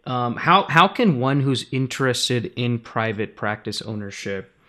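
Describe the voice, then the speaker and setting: A man hosting a podcast, asking questions in a thoughtful way, with fillers and pauses. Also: medium pitch, lively intonation, bright, forceful tone. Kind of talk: interview questions.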